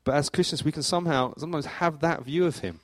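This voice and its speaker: A middle-aged man preaching a sermon as church leader, telling stories in a lively way with sudden rises in pitch and loudness. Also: quick pace, no echo. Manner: animated storytelling, acts out anecdotes with jumps in pitch and volume. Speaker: pastor.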